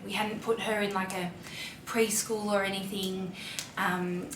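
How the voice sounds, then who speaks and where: A woman's voice: medium pitch, fairly even intonation, measured pace, background noise. An Australian woman in her thirties, a mom and fashion vlogger, talking in a heartfelt, chatty way with plenty of fillers. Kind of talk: casual confessional chat. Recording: roomy echo, distant mic, faint ambience.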